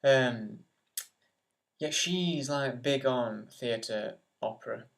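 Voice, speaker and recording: A man's voice: medium pitch, very slow. A young man, co-hosting a casual webcam podcast, mostly chiming in with short easygoing replies. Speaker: podcast co-host. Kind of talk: casual chat. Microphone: webcam microphone.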